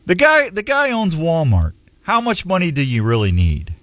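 A man's voice: a little high, huge pitch swings, normal speed, fairly bright tone, no echo. A man hosting a radio show in casual chat, joking and opinionated.

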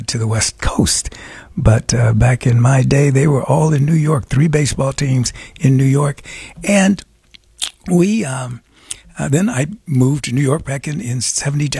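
An older man hosting a radio show with a raspy voice, talking casually and rambling with chuckles and fillers. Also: medium pitch, warm tone, no room sound, studio quality. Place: radio studio.

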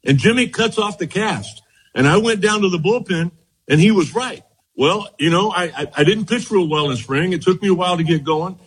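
Husky older man telling ballpark stories. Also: sits high, fairly quick, rough recording. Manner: animated anecdotes, laughs often, frequent "as you know". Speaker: former baseball pitcher, guest. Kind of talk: reminiscing storytelling.

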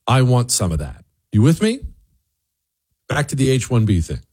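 A man's voice: mid-range voice, very animated, moderate pace, darkish tone, slightly rough. A man hosting an opinion monologue, preachy and emphatic, often restarting his words. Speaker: commentary host.

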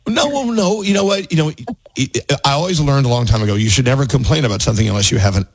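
A man's voice: mid-range voice, animated, rapid-fire, dry recording. A man hosting a radio show, chatting casually in the studio and laughing often.

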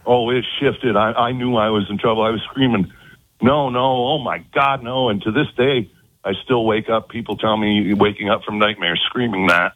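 A man's voice: on the low side, steady tone, no room sound. Earnest man on a tinny phone line. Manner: halting, repeats words, earnest. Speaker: guest recounting an abduction experience. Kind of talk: phone-in interview. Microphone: telephone.

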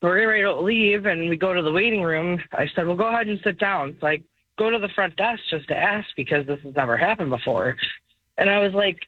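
A mother calling in to a radio show, telling a story in an animated way and laughing often. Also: lowish voice, fast talker, slightly rough, no room sound. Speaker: caller. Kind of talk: phone-in storytelling. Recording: tinny phone line.

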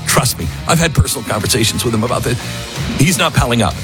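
A man hosting a talk radio show, delivering an emphatic opinion monologue that swings between loud and hushed. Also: medium pitch, quick pace, over music. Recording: dry studio mic.

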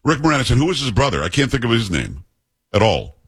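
Husky middle-aged male talk show host. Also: mid-range voice, sing-song, fast, a bit bright, dry recording. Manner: chatty, joking, teasing asides. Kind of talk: casual talk radio monologue and banter.

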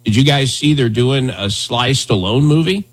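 Husky-voiced man rambling on talk radio. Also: medium pitch, moderate pace. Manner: rambling, conversational, lots of fillers. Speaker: radio talk show host. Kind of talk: casual talk radio chat.

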